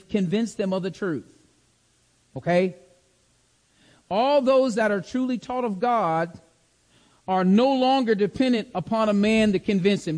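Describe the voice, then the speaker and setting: A man's voice: sits high, darkish tone, long reverb tail. A man teaching a Bible lesson in sermon style, stressing and repeating key words and checking that his listeners follow. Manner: emphatic, repeats key words, asks the class to follow along. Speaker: preacher teaching a Bible study.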